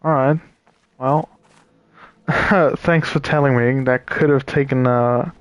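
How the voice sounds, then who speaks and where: A tired man comments casually on a puzzle game as he plays. He talks slowly with many pauses, thinks aloud and chats to his viewers. His voice sits mid-pitch and sounds dry and close to the mic. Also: fairly even intonation, no room sound, lo-fi sound. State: tired and yawning. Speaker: streamer playing a puzzle game. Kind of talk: casual let's-play commentary.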